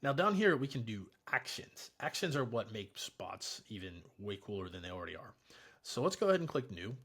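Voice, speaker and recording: A man giving a relaxed, chatty software tutorial, explaining each step in a screen recording. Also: fairly low pitch, a little fast, breathy edge.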